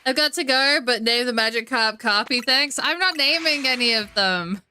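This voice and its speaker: A woman's voice: fairly high pitch, moderate pace, pushed and bright, slight background noise. A woman with a New Zealand accent streaming a video game, chatting casually with her viewers and her dog and laughing often. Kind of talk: casual chat while gaming.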